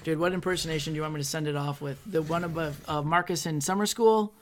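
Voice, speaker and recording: A man's voice: fairly high pitch, fast, slight background noise. A man co-hosting a casual comedy podcast, joking dryly with his friend. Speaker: co-host. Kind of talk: casual banter.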